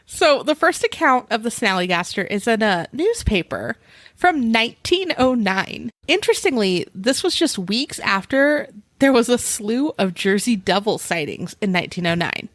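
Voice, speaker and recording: A woman's voice: a little high, big pitch swings, normal speed, no room sound. Wry, teasing woman podcaster. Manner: wry, teasing, laughs often. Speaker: podcast co-host. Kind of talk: casual chat.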